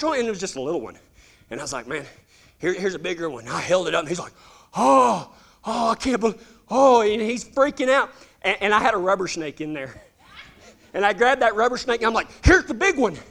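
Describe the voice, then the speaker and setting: A man's voice: sits high, bright, forceful tone. A middle-aged man preaching a sermon, telling folksy, joking stories with lots of animation. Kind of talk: storytelling sermon to a live congregation.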